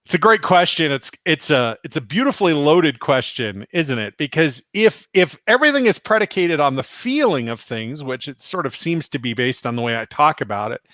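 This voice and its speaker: A man's voice: a little high, moderate pace, few pauses, no room sound. A man, a spiritual teacher and healer from the United States, answering viewer questions on a live stream and telling stories with frequent laughter. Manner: laughs often, animated retelling.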